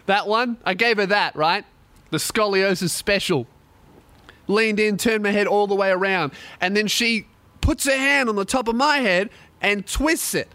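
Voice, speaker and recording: A man's voice: high voice, normal speed, sharp tone, no room sound. A young man telling a profane comic story, laughing often. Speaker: comedian host.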